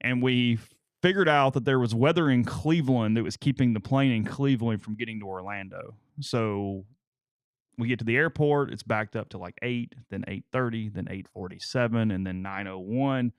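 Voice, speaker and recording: A man's voice: mid-range voice, moderate pace, smooth, dry recording, clean studio sound. A male co-host in a casual chat, telling long stories and stammering on repeated words.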